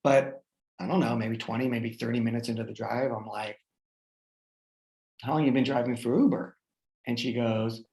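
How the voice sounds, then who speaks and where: A man in his forties, a guest speaker, telling a personal story in an animated way with many fillers and restarts. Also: mid-range voice, moderate pace, vocal fry, reverberant, low-quality recording. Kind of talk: personal storytelling in a group talk.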